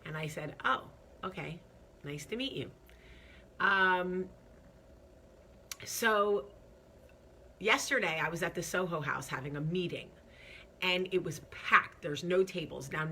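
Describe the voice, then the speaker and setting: Woman, bright forceful tone, lowish voice, chatty, candid storytelling, nervous. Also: slight background noise. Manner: chatty, candid, swearing, lots of fillers. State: stressed, nervous. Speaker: vlog host. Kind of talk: casual storytelling to camera.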